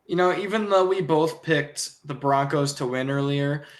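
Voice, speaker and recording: A man's voice: fairly high pitch, normal speed. A young man hosting a casual sports podcast, easygoing and rambling, with frequent ums and chuckles. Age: young adult. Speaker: podcast host.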